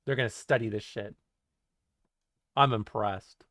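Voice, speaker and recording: With a lowish, fairly even voice at a measured pace and a fairly bright tone, a man streams live in a dry, clean studio recording. He reads his chat aloud and jokes, swearing plenty and laughing often.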